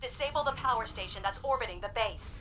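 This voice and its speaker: A woman voicing a female starship officer in a video game, issuing crisp commanding orders. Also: a little high, fast talker, background noise, lightly acted.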